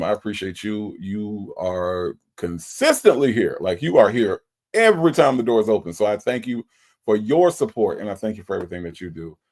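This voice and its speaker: Lowish voiced guy on a stream, gets choked up thanking everyone over and over. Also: darkish tone. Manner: emotional, repeats thanks over and over. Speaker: livestream host. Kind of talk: casual livestream shout-outs.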